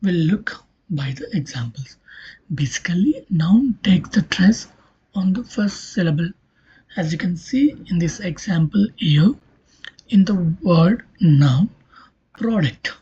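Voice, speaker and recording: A woman giving a recorded linguistics lecture, explaining slowly, her voice often dropping to a near-whisper. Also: on the low side, expressive, warm tone, slightly rough. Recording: dull lo-fi recording.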